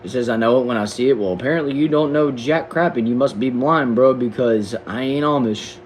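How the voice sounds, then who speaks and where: Young southern man, texas drawl, livestream chat, slangy, repeats words, faint hum behind, medium pitch. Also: a little fast, rough recording. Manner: laid-back, slangy, stumbles and repeats words. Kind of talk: casual livestream chat reading comments. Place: back shed.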